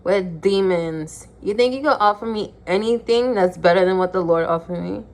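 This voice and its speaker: A woman's voice: mid-range voice, moderate pace. A young woman speaking to her phone camera in an emphatic, preachy way. She repeats her points for effect. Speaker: vlogger. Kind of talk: casual talk to camera.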